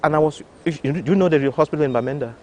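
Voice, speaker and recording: Animated male doctor recounting his story. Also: on the high side, racing, slight background noise. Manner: animated storyteller with frequent restarts. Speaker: doctor, interview guest. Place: television studio.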